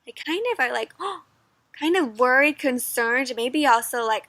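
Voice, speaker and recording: A young woman reads a picture book aloud to children in a high, bright voice, taking her time over each page. She is animated and teacherly, pausing often to ask little questions, and the recording is close and dry. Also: no echo. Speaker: children's read-aloud host. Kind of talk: interactive children's read-aloud.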